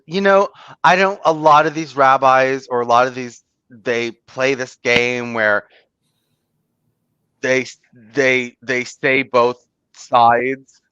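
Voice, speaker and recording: A male host tells a rambling story in casual talk, his medium-pitched voice pushed, bright, clear, and resonant, with no room sound. He peppers it with "like," "you know," and free swearing, though the lo-fi audio is dull and muffled.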